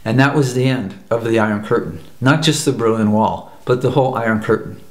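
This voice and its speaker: A man's voice: mid-range voice, a little fast. A man from the United States telling a story in an earnest talk, repeating phrases for emphasis. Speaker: personal growth teacher. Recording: roomy echo.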